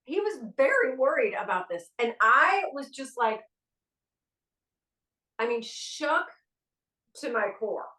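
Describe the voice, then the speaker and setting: A woman hosting a podcast, telling stories in a casual, animated way and acting out the dialogue. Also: sits high, slow pace, long pauses. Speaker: podcast host. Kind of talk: casual storytelling. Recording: roomy sound from a distant mic.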